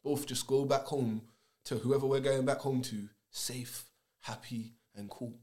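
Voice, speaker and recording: A young man, talking in an animated, slangy, emphatic way in casual podcast chat. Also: mid-range voice, measured pace.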